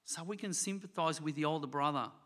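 A man's voice: a little high, brisk, fairly bright tone. A man preaching a sermon to his church. He talks earnestly, repeats phrases and asks the congregation rhetorical questions. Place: church hall. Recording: long hall reverb.

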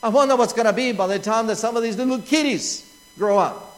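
A man's voice: sits high, brisk. A man with an Australian accent preaching a sermon, emphatic and repetitive, asking rhetorical questions. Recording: long reverb of a large hall.

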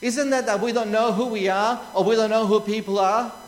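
A man's voice: high-pitched, fairly even intonation, brisk. A man with an Australian accent preaching a sermon, emphatic and repetitive, asking rhetorical questions. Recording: long reverb of a large hall.

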